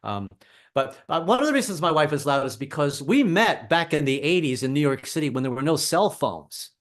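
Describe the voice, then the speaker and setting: A man's voice: fairly high pitch, big pitch swings, a little fast, a bit bright. Wry middle-aged male stand-up comic. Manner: wry and self-deprecating. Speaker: comedian. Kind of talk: stand-up comedy set.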